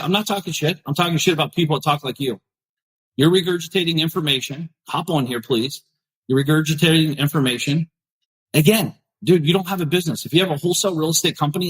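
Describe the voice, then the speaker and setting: A man's voice: fairly high pitch, fairly bright tone, slightly rough, rough recording. A middle-aged man hosting a podcast, ranting bluntly and confrontationally with lots of swearing, talking straight at his listeners. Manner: confrontational, swearing, addressing viewers directly. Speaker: podcast host. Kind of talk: blunt profane rant.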